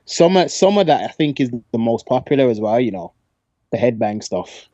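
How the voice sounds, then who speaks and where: A man co-hosting a casual talk show, cutting in with quick, halting remarks. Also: mid-range voice, very animated, dark tone, dry recording, muffled recording. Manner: quick, halting, restarts often. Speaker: podcast co-host. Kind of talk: casual discussion.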